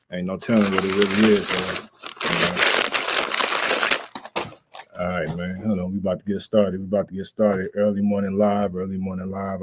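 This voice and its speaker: Deep-voiced laid-back male livestream host. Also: background noise. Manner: laid-back, rambling, slangy. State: out of breath. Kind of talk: casual livestream chat.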